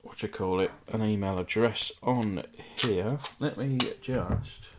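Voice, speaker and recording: A man's voice: fairly low pitch, slow, background noise. A man from England hosting a casual hobby vlog, chatty and rambling, with lots of ums and uhs. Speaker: diecast restoration channel host.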